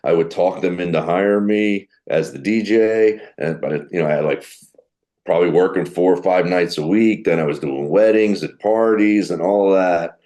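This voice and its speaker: Middle-aged guy, real low voice, chatty comedian rambling through old stories. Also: moderate pace, dark tone. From New Jersey. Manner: chatty, anecdotal, self-mocking. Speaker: guest comedian. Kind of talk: casual storytelling interview.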